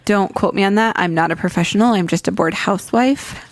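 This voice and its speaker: Woman, podcast co-host, casual chat, gravelly voice, dry close sound. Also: mid-range voice, a little fast, no echo. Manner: chatty, laughs often, hedges playfully.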